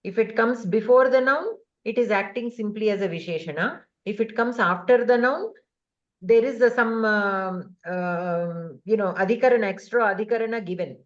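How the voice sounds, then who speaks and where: A woman teaching a grammar class over a video call, explaining patiently step by step with many pauses and fillers. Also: mid-range voice, highs cut off.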